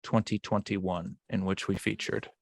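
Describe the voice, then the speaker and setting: A man's voice: deep voice, flat delivery, unhurried, vocal fry, no room sound. A man hosting a podcast in casual chat, rambling and stumbling over his words. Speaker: podcast host.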